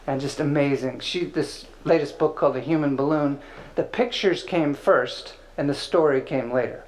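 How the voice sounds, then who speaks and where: A man's voice: on the high side, normal speed, poor audio. A man teaching an informal spiritual class, conversational and playful, with filler words.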